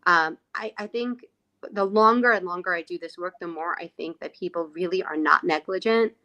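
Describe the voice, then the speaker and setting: A woman guest on a podcast, talking reflectively and often pausing to find her words. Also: fairly low pitch, sharp tone. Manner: reflective, searching for words, many fillers. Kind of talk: conversational podcast chat.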